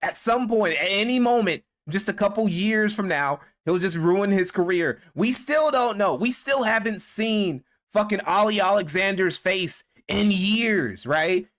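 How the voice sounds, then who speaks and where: A man's voice: sits high, measured pace, hardly any pauses, a bit bright. A man giving casual, crude, gossipy livestream commentary, mocking people and laughing at his own jokes.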